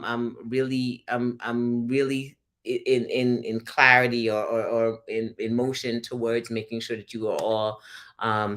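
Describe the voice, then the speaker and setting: A woman hosting a casual online call. She talks in an animated, rambling way with frequent laughs and restarts. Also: extremely low pitch. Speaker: host. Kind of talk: casual livestream talk. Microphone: video call.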